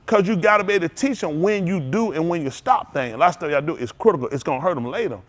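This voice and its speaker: A middle-aged man, preaching an animated sermon as pastor, laughing and calling out to the congregation. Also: a little high, fast talker. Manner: animated preaching with laughs and audience call-outs.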